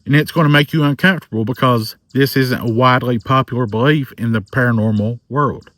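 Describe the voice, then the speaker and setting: A man in his forties with a thick Southern drawl, talking slowly and earnestly to camera about his faith and his channel. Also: mid-range voice, fairly bright tone. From American South. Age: 40s. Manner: slow, earnest, faith-filled. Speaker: paranormal content creator. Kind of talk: personal testimony to camera.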